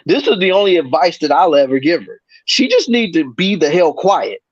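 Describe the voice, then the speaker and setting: A man's voice: on the high side, very animated, normal speed, dry recording, highs cut off. A man co-hosting a podcast, giving laid-back, slangy commentary. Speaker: podcast co-host. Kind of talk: casual chat.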